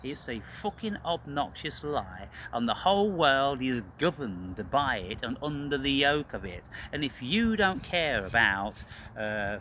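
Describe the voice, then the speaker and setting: Ranting angrily about spirituality, this channel host swears, repeats himself, and keeps addressing his audience as "people." He has a sharp, mid-range voice, and slight background noise is audible.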